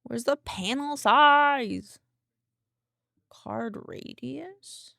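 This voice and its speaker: A woman's voice: high-pitched, extremely slow, gravelly, pushed and bright, no room sound, clean studio sound. A young woman streaming live, chatting, rambling and giggling, greeting viewers by name and muttering to herself while she works on a design. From English-speaking. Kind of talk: casual live-stream chat while working.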